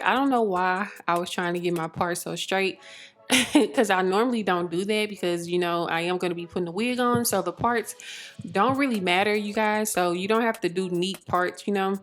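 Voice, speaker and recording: A young woman chatting casually as she narrates her own hair tutorial, laughing often and rambling with fillers. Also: medium pitch. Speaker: beauty vlogger.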